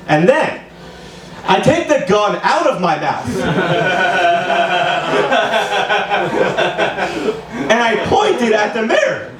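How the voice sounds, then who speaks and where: Heard from a distance in a roomy small club, a twenty-something comedian rambles through a profane, loose open-mic set. His high voice is sing-song and slow, he pauses often, and crowd noise can be heard.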